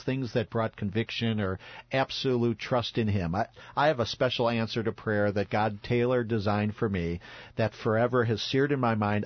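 A man's voice: on the low side, no echo. Brief: male co-host, reflective and earnest, dry dull recording. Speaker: Bible study podcast co-host. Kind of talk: casual Bible discussion.

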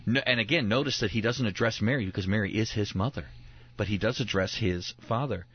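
A man teaching about a Bible passage in a conversational way, emphatic and animated, often acting out what people said. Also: fairly quick, husky, muffled recording. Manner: emphatic, acts out quoted speech with rising pitch.

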